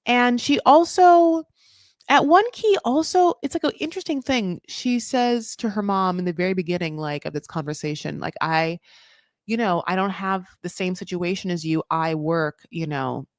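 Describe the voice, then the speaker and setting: A woman doing a casual live recap of a reality show, chatty and animated, swearing freely and filling her talk with "like" and "um". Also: mid-range voice, normal speed, no echo, studio quality. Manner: chatty, animated, swears, many likes and ums.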